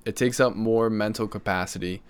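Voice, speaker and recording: Low-voiced man telling a heartfelt story. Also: steady tone, a little fast, clear, resonant tone. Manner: earnest, storytelling, frequent "you know". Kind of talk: casual conversation.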